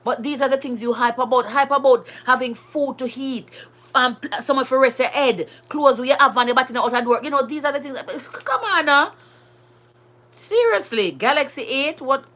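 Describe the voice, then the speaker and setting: Jamaican lady vlogging, bright voice, emphatic, mixes patois in. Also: high-pitched, normal speed. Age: adult with school-age children. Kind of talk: casual monologue to camera.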